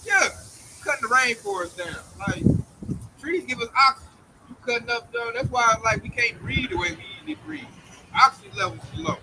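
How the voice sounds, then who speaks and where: A man's voice: very high voice, expressive, fairly quick, noisy background. A man preaching an informal street-style sermon in a blunt, slangy, mocking way, often acting out other people's voices.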